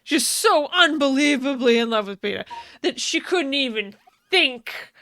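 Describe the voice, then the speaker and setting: Laughing woman host, bright voice. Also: sits high, expressive, unhurried, no room sound. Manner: laughs often, swears casually. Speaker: podcast host. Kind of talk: casual chat recapping a story.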